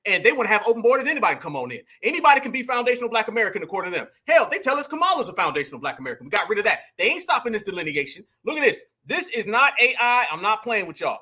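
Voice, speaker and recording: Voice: medium pitch, sing-song, racing, few pauses, bright, forceful tone, husky. A host giving heated, exclamatory commentary and calling the viewers family and y'all.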